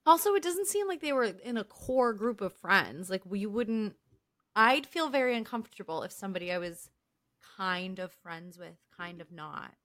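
A woman co-hosting a podcast, retelling TV scenes casually with animated asides. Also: mid-range voice, normal speed. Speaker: podcast co-host. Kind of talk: casual recap chat.

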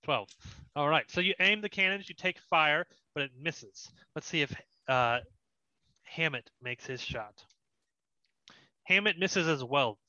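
A man's voice: a little high, unhurried, pauses often, pushed and bright, no room sound, highs cut off. A young man narrating as dungeon master of a tabletop game, in a casual, descriptive way. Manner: descriptive, laughs often, casual.

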